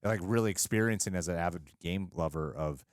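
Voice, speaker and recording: Animated, laughing man reviewing a show. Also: deep voice, fairly quick, no room sound, studio quality. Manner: animated, laughs often, acts out his own reactions. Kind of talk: casual reaction review chat.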